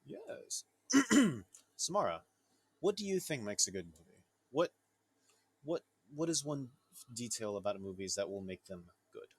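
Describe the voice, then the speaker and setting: A man hosting a casual podcast chat with friends, laid-back and quick to laugh. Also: on the low side, big pitch swings, slightly rough. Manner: laid-back, laughs often, retells scenes. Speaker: podcast host.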